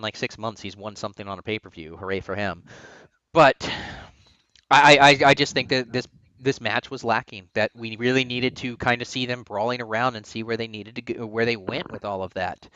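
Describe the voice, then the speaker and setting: A man's voice: mid-range voice, sharp tone, smooth, dry recording. Opinionated man with a dull, lo-fi sound. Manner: opinionated, rambling with restarts. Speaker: podcast co-host. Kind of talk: casual wrestling chat.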